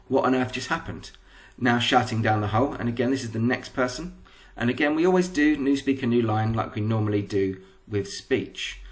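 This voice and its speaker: Man, English accent, primary teacher, patient explanation, medium pitch. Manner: patient, step-by-step instruction. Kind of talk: recorded lesson explanation.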